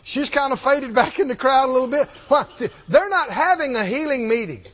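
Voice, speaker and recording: A man preaching a sermon, telling the story with animated delivery, acting out quoted lines and chuckling often. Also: extremely high pitch, brisk, dull audio.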